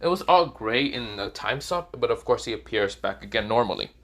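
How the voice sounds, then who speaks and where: A man's voice: on the low side, lively intonation, a little fast, a bit bright. A man improvising the narration of a fan-fiction story, rambling and full of fillers.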